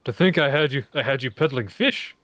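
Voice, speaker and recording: A man's voice: medium pitch, animated, a little fast, fairly bright tone, dry recording, lightly acted. A man voicing a modest, grateful fisherman from a village, as a fan reading of game dialogue on a dull home mic. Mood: earnest. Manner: friendly, modest.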